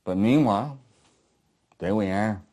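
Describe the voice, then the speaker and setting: A man reading as a gruff, haunted old veteran. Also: fairly low pitch, unhurried, a little mellow, close to an everyday voice. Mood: weary. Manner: coarse, blunt storytelling with swearing. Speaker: playwright reading his play aloud. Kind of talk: dramatic monologue reading. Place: apartment living room.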